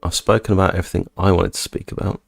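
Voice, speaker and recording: A young man hosting a live stream, reading chat and chatting in a laid-back, low-energy way. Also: flat delivery, fast, vocal fry, dry recording, faint music behind. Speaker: livestream host reading chat.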